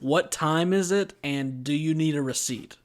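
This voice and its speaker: A man co-hosting a podcast, chatting casually and telling a story with lively acted-out voices. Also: on the high side, normal speed. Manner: animated storyteller, acts out quoted voices. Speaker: podcast co-host.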